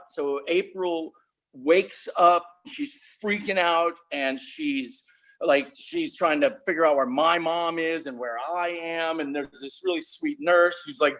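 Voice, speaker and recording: A man performing a dark comic story at an open-mic night, building it deadpan toward a shock punchline. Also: on the high side, low-quality recording. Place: small stage venue.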